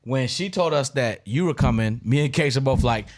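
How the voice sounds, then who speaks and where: A man's voice: medium pitch, fairly quick, background noise. A man hosting a podcast, earnestly steering the conversation back on track. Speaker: podcast host. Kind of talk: casual podcast chat.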